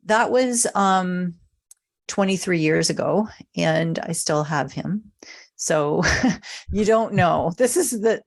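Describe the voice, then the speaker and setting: A woman in her forties from Canada, a foster mother and podcast guest, speaking in an encouraging, heartfelt way in casual conversation. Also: low voice.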